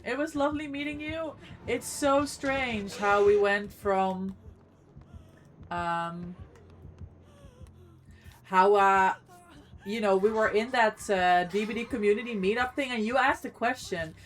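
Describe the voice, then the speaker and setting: A woman's voice: medium pitch, takes it slowly, pauses often, slight background noise. A woman streamer chatting casually with viewers while gaming, reacting to the play and greeting chat, eating as she talks.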